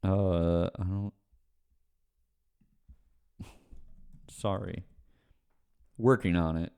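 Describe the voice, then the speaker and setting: A man's voice: deep voice, fairly even intonation, drawn-out words, gravelly, warm tone, smooth. A man on a livestream chatting casually with viewers, ranting, swearing and then apologizing with a laugh. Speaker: streamer answering chat questions.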